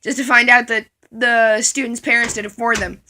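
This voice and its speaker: A woman's voice: fairly high pitch, flat delivery, normal speed, pushed and bright, a little hiss or hum. A woman telling a comic story from her school days, rambling along and giggling at her own jokes.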